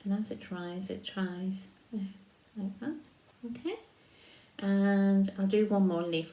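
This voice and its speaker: A woman demonstrating a card-making craft, talking slowly while she paints and trailing off softly. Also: medium pitch. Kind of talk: crafting tutorial. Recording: roomy echo.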